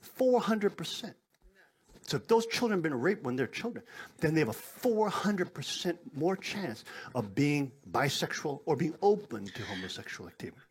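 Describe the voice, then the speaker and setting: A man preaching a sermon through a live interpreter, speaking emphatically and jumping between loud and soft. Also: on the high side, big pitch swings, normal speed, slightly rough.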